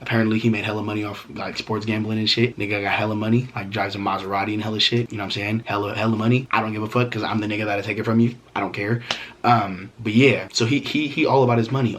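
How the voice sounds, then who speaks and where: A man's voice: lowish voice, steady tone, fast talker, a bit bright. A young man vlogging a storytime, talking casually with heavy slang, swearing and fillers.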